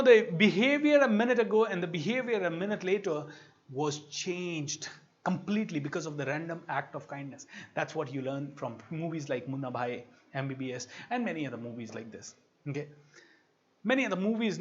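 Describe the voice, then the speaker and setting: A man's voice: on the high side, lively intonation, moderate pace, highs cut off. An Indian man giving a motivational talk as a coach, telling stories animatedly and acting out quoted voices. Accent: Indian English.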